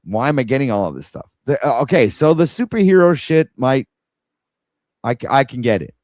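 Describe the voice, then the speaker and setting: A man of middling pitch hosts a casual livestream and rambles on in an exasperated tone, talking straight to his viewers. His voice sits close and dry, with no room sound around it. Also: big pitch swings, a little fast, darkish tone, no echo. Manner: rambling, exasperated, talks to viewers while scrolling. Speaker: livestream host.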